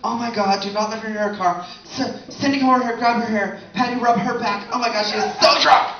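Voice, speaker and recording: A man putting on a shrill frantic party girl. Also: steady tone, fast talker, over a noisy crowd, lightly acted. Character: fussy young woman fussing over a drunk friend. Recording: echoey room, distant mic, dull sound, audience laughter.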